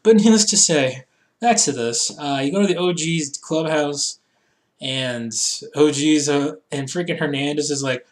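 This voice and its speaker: A young man with a slightly high voice talks through a wrestling recap in a loose, rambling way. He cracks jokes as he goes and slips into goofy voices for quotes. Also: unhurried. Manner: rambling, jokey, acts out quotes in silly voices. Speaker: wrestling show reviewer. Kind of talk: casual solo recap.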